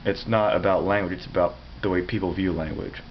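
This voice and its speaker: A man's voice: low-pitched, fairly even intonation, a little fast, highs cut off, a little hiss or hum. A man talking to camera in a casual video about languages, explaining as he goes and often breaking off and restarting his sentences. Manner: rambling, self-correcting, explanatory. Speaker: language vlogger.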